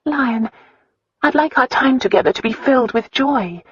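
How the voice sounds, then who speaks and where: An earnest, defiant young noblewoman, voiced by a woman narrator, her lines lifted well above a plain reading voice. She pleads and bristles in lively, swooping tones with a faint husk. The audiobook recording sounds dry and a little dull. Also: sits high, normal speed, husky, no room sound, voice pushed up. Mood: earnest pleading. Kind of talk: audiobook dialogue.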